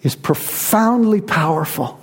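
A man delivers an earnest sermon as a pastor, leaning on key phrases with slow emphasis. His voice sits on the higher side and has a husky edge. The sound rings out with a long reverb, as in a large church hall. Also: animated.

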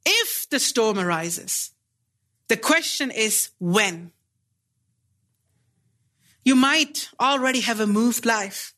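A man preaching a sermon, earnest and deliberate, pressing his listeners with pleading rhetorical questions. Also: sits high, bright, forceful tone.

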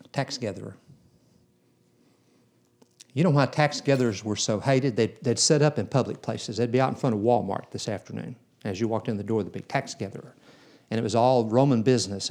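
A man's voice: mid-range voice, darkish tone. A man preaching a sermon in a church, telling Bible stories in a folksy way and acting out the characters. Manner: folksy storytelling, acts out biblical characters.

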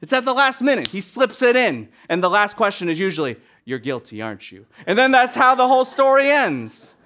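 This male preacher has a high, lively voice that jumps up and down in pitch as he moves briskly through his sermon. He is animated, swinging dramatically between phrases punched out loudly and others dropped to a near-whisper.

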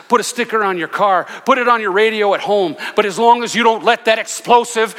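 A male senior pastor preaching a sermon with passion, swinging between loud, fervent declarations and hushed asides. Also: sits high, in a large hall. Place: church sanctuary.

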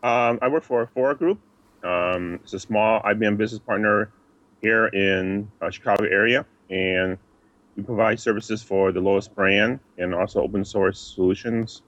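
Man, lowish voice, halting, many ums, lo-fi call sound. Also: fairly even intonation, a bit bright, dry recording. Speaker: guest, conference organizer. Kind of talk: casual podcast interview. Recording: dull lo-fi call line.

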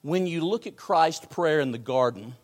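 A man preaching a sermon, swinging from hushed, drawn-out phrases to booming emphasis. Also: animated. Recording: long hall reverb.

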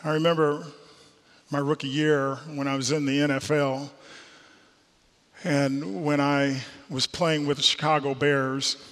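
A man's voice: a little high, little pitch movement, unhurried, fairly bright tone, big-room sound. A middle-aged man, a former football player, preaching a sermon and telling a personal story, earnest and repeating key phrases for emphasis.

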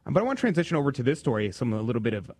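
A man's voice: mid-range voice, sing-song, very fast, a little mellow, slightly rough, dry recording. Male radio host in mid register, dry close studio sound; loose, chatty delivery with frequent restarts. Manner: loose, conversational, many fillers and restarts. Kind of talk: casual radio talk.

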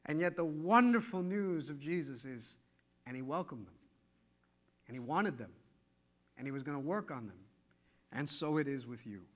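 A man delivering a sermon in a high, ringing voice with a bright edge. He swings from loud, emphatic peaks to hushed, low lines. Now and then he acts out quoted voices in a quick, conversational way. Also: lively intonation. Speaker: pastor.

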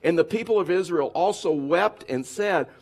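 A middle-aged man preaching as a pastor, lively and conversational, now and then acting out whiny complaining voices. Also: high-pitched, normal speed, creaky, slightly rough. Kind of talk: sermon.

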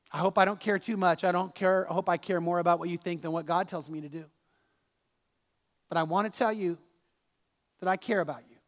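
A pastor preaches with a fairly high voice, firing rhetorical questions at his congregation. The man's voice rings out in a church sanctuary with a long trailing reverb. His delivery is emphatic and direct. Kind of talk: sermon.

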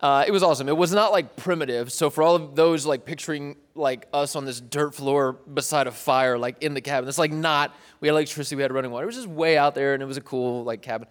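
Chatty young pastor in a reverberant hall. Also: male voice, on the high side, fast talker, hardly any pauses. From East Tennessee. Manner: chatty, self-deprecating, joking with the crowd. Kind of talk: casual sermon.

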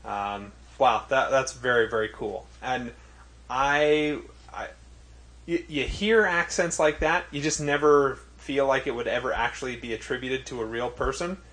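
A man's voice: medium pitch, a little slow, fairly bright tone. A man hosting a podcast in casual chat, hesitant and full of ums and restarts. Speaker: podcast host.

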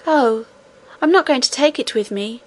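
A woman's voice: high voice, moderate pace. A woman voicing a young princess girl, eager and earnest, with a pleading manner.

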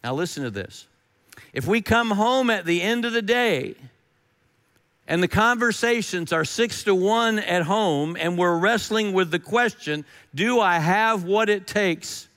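Brief: middle-aged man, pastor, folksy and emphatic, voice sits a bit high. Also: expressive, a little slow, a bit bright, big-room sound. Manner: folksy, emphatic, repeats key phrases. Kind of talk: sermon.

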